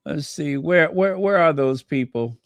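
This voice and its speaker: A man's voice: fairly high pitch, a little slow, no room sound. A man hosting a casual livestream, trading snarky gossip, thanking viewers and breaking into bits of song. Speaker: livestream host.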